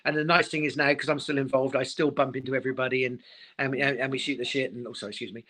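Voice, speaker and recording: A man's voice: mid-range voice, steady tone, racing, sharp tone. A middle-aged man and former speedway rider in a casual live interview, talking emotionally and repeating his words.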